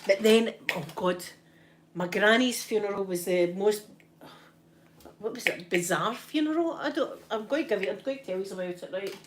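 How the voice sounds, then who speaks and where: A woman's voice: mid-range voice, normal speed, a little hiss or hum. A middle-aged Scottish woman chatting casually to her viewers, telling rambling stories with frequent restarts. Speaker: ASMR streamer. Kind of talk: casual storytelling chat.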